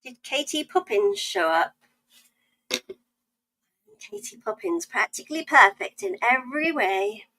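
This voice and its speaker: In a high-pitched, sing-song voice that sounds pushed and bright, a South East London woman chats playfully while drawing on stream, reading viewer comments aloud. She speaks a little slowly and pauses often, and the recording quality is low.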